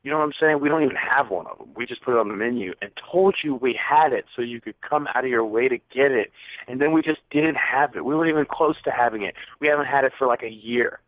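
Guy on a podcast telling a work story, gets loud acting out quotes, tinny dry sound. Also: medium pitch, quick pace, dry recording. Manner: animated, acts out quotes with rising voice. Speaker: podcast co-host. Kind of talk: casual storytelling. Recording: tinny phone-like audio.

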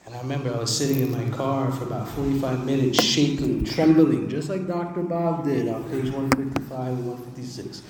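A man's voice: mid-range voice, brisk, few pauses, noisy background. Man testifying in an echoey hall. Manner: emphatic, conversational, repeats words for emphasis. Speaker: speaker at a recovery meeting. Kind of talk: personal testimony speech. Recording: echoey hall, distant mic, faint ambience.

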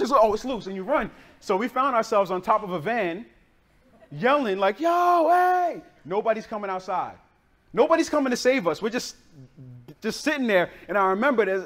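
Man, pastor, high-pitched, conversational sermon, streetwise slang, lively storytelling, from the northern US. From northern United States.

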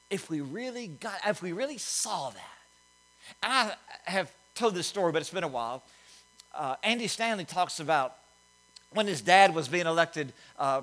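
A middle-aged man preaching a sermon, folksy and animated, telling stories with asides. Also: sits high. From Alabama, US. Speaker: pastor.

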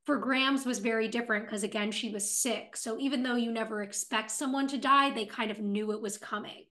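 Higher-voiced reflective woman podcast host. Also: fairly even intonation, brisk, a bit bright. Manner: reflective, analyzes characters' feelings. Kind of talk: casual TV recap chat.

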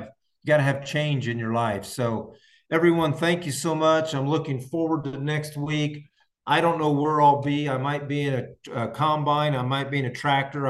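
Here the medium-pitched Indiana host, a farmer, chats with his podcast listeners and takes their questions in a casual live-stream way. He's enthusiastic and rambling, with plenty of restarts.

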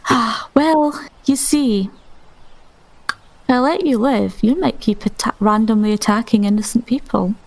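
Brief: woman player, calm and firm, gravelly voice. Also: on the high side, unhurried, low-quality recording. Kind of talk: tabletop role-play.

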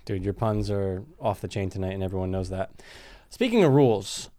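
A man co-hosting a casual film review podcast, talking in a relaxed, conversational way with some swearing. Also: deep voice, a little fast. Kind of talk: casual chat.

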